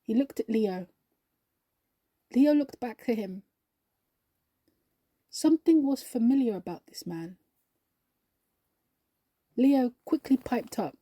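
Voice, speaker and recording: A woman reads a story aloud, slow and measured. Her voice sits a bit high but sounds mellow and warm. The sound is close and dry. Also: animated, no room sound. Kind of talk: scripted story narration.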